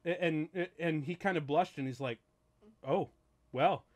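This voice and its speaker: A man co-hosting a casual movie commentary podcast, excitable and laughing often. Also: on the high side, moderate pace. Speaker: podcast co-host.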